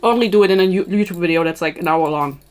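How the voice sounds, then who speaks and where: A woman's voice: lowish voice, fast, clear, resonant tone. A woman hosting a podcast in a casual, tangential chatty style, swearing freely and laughing at her own asides. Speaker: podcast host.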